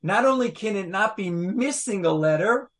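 Emphatic higher-voiced male Torah teacher. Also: expressive, moderate pace, fairly bright tone. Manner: emphatic, asks rhetorical questions, reads verses aloud. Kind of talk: animated text study with a small group.

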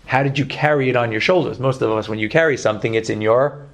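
A man with a Brooklyn accent teaching a Torah class, lively, joking and putting questions to his students. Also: medium pitch, quick pace, muffled recording.

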